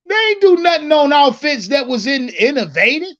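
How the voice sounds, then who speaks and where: A man's voice: very high voice, big pitch swings, moderate pace, fairly bright tone, muffled recording. A man casually chatting with his livestream viewers about football, profane and rambling, repeating himself and calling out the chat. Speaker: livestream sports commentator.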